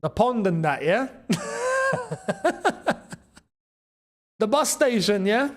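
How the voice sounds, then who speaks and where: A young man with a London accent hosting a live football watchalong, chatting in slang and breaking into excited shouts at big chances. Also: sits high, moderate pace. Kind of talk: live match watchalong commentary.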